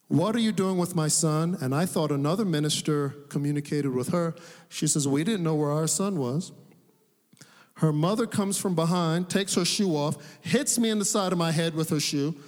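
A male pastor preaching a sermon, telling a personal story with animated delivery and laughing at his own tale. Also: on the high side, in a large hall. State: sweating.

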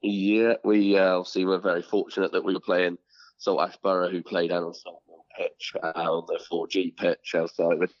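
A man's voice: low-pitched, level tone, moderate pace, no echo, lo-fi sound. A man, an assistant football manager, answering interview questions plainly and in a friendly way. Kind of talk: podcast interview.

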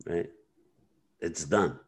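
A podcast host in casual conversation meanders through retelling scenes, using many fillers. He has a deep voice and draws out his words.

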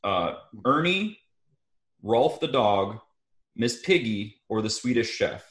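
A man hosting a casual trivia quiz, reading out multiple-choice questions to two players in a steady manner. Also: on the low side, slow, reverberant. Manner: reads multiple-choice options steadily, chuckles between questions. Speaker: quiz host.

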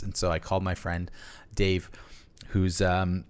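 A man's voice: deep voice, monotone, measured pace, clear, resonant tone. A man telling stories as a podcast guest in casual conversation, rambling with many restarts and fillers. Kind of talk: casual storytelling.

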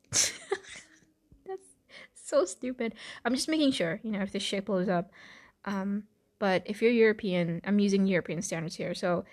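A woman's voice: mid-range voice, moderate pace, a little mellow. A woman hosting a casual chat, rambling and swearing freely, with laughs and restarts. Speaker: podcast host.

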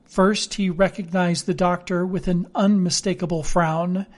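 Slow, measured male storyteller. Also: sits high, little pitch movement. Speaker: audiobook reader. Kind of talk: reading a classic novel aloud.

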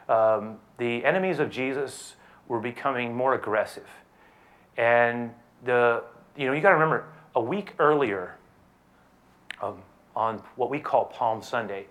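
A man preaching a sermon, talking conversationally with restarts, dropping to a hush and then rising loud and high as he retells scripture. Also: low-quality recording. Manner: swings from hushed to loud and climbing when quoting. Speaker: pastor.

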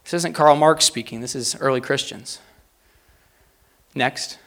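A man preaching a sermon, reading quotes aloud with rising emphasis and pausing to talk plainly to the congregation. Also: mid-range voice, gravelly, fairly bright tone. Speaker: pastor.

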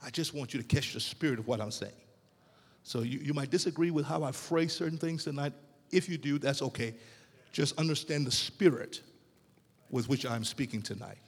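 A man preaching a sermon to a congregation, with emphatic, drawn-out phrases and rhetorical questions. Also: mid-range voice, slightly rough, big-room sound. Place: church sanctuary.

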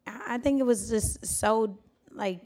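A woman's voice: fairly high pitch, unhurried, darkish tone. A woman co-hosting a casual gossip chat, emphatic and repeating her points. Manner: emphatic, repetitive. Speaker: podcast co-host.

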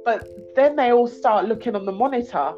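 A woman's voice: fairly high pitch, fairly quick, muffled recording, faint music behind. Chatty woman telling a story. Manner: animated storytelling, laughs often, acts out others' voices. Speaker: guest. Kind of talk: casual podcast chat.

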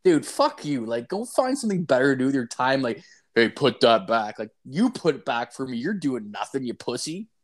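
A man's voice: medium pitch, big pitch swings, brisk, hardly any pauses. A man co-hosting a podcast, telling a long story in a casual, profane, rambling way, full of "like"s. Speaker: podcast co-host.

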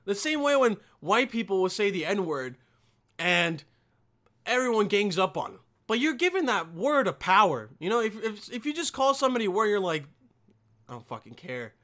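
High, lively-voiced man ranting profanely. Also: normal speed. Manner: profane, rambling, emphatic. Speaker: podcast host. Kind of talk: casual solo rant.

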